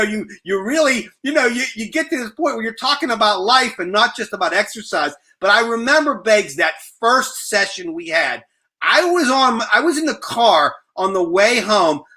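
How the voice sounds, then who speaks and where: A man's voice: sits high, lively intonation, normal speed, bright, forceful tone, breathy edge. A man hosting an interview in a chatty, storytelling way, often repeating his words. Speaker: interview host. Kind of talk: casual interview chat.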